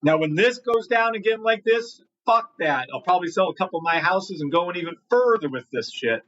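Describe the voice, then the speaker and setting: On a muffled recording, a livestream trading host speaks in a high, expressive, slightly bright voice at a fairly quick pace. He reads chat during live market commentary, greeting people by name and cursing freely in his blunt delivery.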